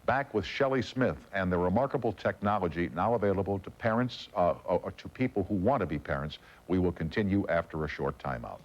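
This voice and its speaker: A man hosting a late-night talk show, taking calls and chatting with his guest in a gracious, brisk way. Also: sits low, lively intonation. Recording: dull broadcast audio.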